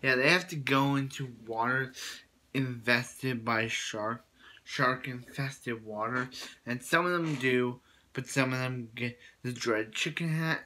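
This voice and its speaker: A man's voice: mid-range voice, slow, bright, forceful tone, a little hiss or hum. A man casually recapping a cartoon episode in a rambling way, full of fillers and restarts. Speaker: show reviewer.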